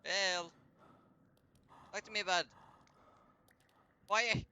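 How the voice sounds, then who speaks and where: A man's voice: high voice, steady tone, extremely slow, bright, forceful tone, smooth. A man streaming a live game, commenting as he plays, taunting enemies in a mock-polite way and swearing often.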